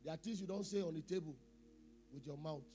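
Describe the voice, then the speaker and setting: High-voiced man preaching a sermon. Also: fast talker, faint music behind. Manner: preaching with call-and-response questions and repeated phrases; swings between loud emphasis and quiet asides. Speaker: pastor.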